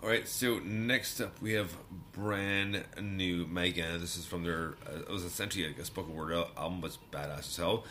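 A man hosting a music show in casual chat, laid-back and quick to laugh. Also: deep voice, fairly even intonation, bright, forceful tone, slight background noise.

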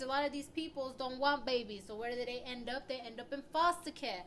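A woman's voice: high voice, a little fast, few pauses, fairly bright tone, a little hiss or hum. A woman in her twenties ranting to her viewers in a rambling, heated, heavily profane way. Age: 20s. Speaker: vlogger. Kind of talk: ranting opinion vlog.

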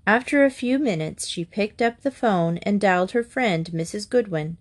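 A woman's voice: mid-range voice, normal speed, few pauses. Woman reading a children's storybook. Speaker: narrator.

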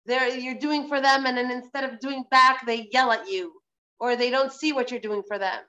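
Woman Torah teacher on a video call: animated, emphatic, slightly high voice. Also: normal speed, lo-fi sound. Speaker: Torah teacher and motivational speaker. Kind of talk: online Torah class.

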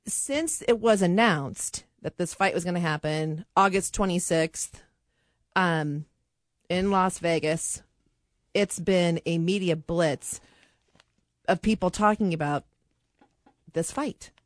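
A woman's voice: lowish voice, takes it slowly, long pauses, dry recording. A woman co-hosting a radio show, chatting about sports in a thoughtful, explaining way in a studio. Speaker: radio co-host. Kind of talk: casual sports chat.

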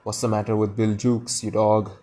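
Man reading as a pirate captain, storybook, silky, steely, courteous menace, low voice. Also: level tone, moderate pace, dark tone, lightly acted. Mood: silky menacing.

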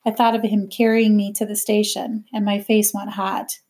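Brief: woman narrator, steady audiobook-style novel reading. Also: mid-range voice, normal speed. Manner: steady, plain first-person narration. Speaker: reader.

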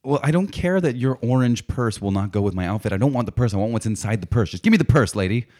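A man voicing a brash male burglar who is easily flattered by his victim. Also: deep voice, fairly quick. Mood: demanding. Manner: brash, demanding, then preening.

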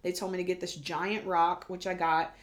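A woman guest on a podcast, a medium telling stories in a casual, animated way and acting out the voices she quotes. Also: lowish voice, moderate pace. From United States.

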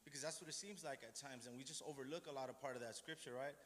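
A man's voice: medium pitch, racing, a bit bright. A man giving an informal, self-deprecating sermon, rambling with many restarts and asides. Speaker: lay preacher. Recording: echoey hall with long reverb.

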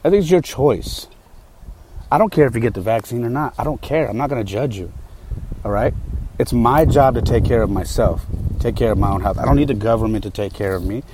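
A man's voice: medium pitch, fairly quick, darkish tone, a little hiss or hum. A man hosting a podcast, telling a story in a candid, heated, casual way with frequent fillers. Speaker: podcast host.

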